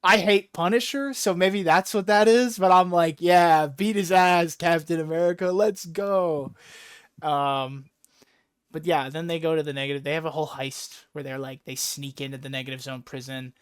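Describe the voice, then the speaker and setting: A man hosting a casual chat, talking fast and excitably, swearing and acting out characters' lines, his throat a bit sore. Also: fairly high pitch, clear, resonant tone, dry recording, clean studio sound. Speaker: podcast host.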